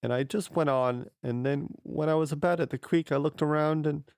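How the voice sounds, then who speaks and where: A man's voice: fairly high pitch, moderate pace, a little mellow, clean tone, dry recording, studio quality, pitched above the performer's own voice, close to an everyday voice. A man voicing Red, a talkative young boy who rambles defensively. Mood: rambling.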